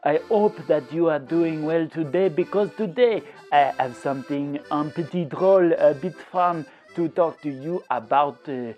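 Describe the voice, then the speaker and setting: A man making a language-learning video who talks in a deliberately hammy, put-on French accent. He slips French phrases into his talk and explains his ideas step by step. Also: on the high side, muffled recording, faint music behind. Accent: deliberately exaggerated put-on French accent. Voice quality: hammy mock-French delivery. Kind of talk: playful language-learning vlog.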